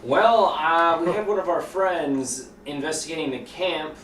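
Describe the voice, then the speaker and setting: A man playing an honest cop at a tabletop game, explaining haltingly, recorded from a distance. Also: a little high, fairly bright tone, a little hiss or hum. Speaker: player. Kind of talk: in-character tabletop play. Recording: echoey room from far off.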